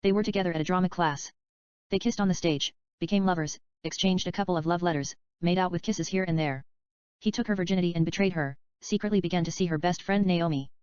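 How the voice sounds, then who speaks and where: Woman reading a script in a flat, even way. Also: lowish voice, quick pace, smooth, no room sound. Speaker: audiobook reader. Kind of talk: plain scripted reading with speaker names read aloud. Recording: dull, slightly lo-fi dry recording.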